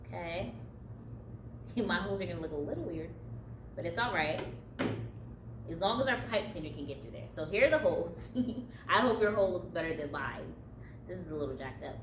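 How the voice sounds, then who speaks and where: A woman's voice: mid-range voice, echoey room, far from the mic, noisy background. A woman leading a step-by-step craft tutorial, upbeat and encouraging, laughing lightly at her own slips. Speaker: craft instructor.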